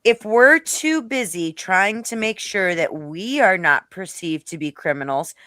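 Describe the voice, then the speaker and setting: A woman's voice: lowish voice, lively intonation, a little slow, a bit bright, dry recording, studio quality. A woman speaking bluntly and swearing freely as a panelist in a casual political chat. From Rhode Island.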